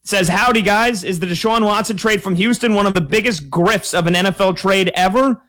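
A man's voice: high voice, a little fast, a bit bright. A man hosting a sports betting radio show, joking with co-hosts and reading calls and texts.

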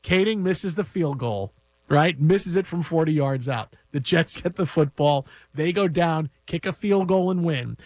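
A man with a fairly high voice co-hosts a sports radio show from a studio. He tells his stories with animated emphasis, and the sound is dry and close on the microphone. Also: a little slow, no echo. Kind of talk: casual sports talk, storytelling.

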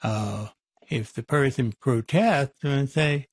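A man talking things through in a relaxed discussion, pausing often with fillers and restarting his sentences. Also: mid-range voice, no echo. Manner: halting, with many fillers and restarts. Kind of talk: conversational discussion.

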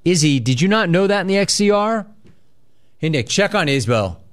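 A man hosting a sports talk radio show, reading listener chat aloud in energetic, quick bursts. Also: high-pitched.

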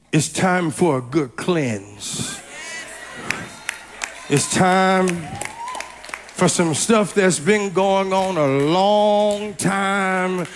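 A man preaching a storytelling sermon, animated and repetitive, often rising to a shout. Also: high-pitched.

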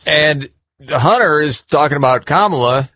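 A man hosting a talk show, leading the table in a relaxed, conversational way. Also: on the high side, moderate pace, dry recording. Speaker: host. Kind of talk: casual talk show chat.

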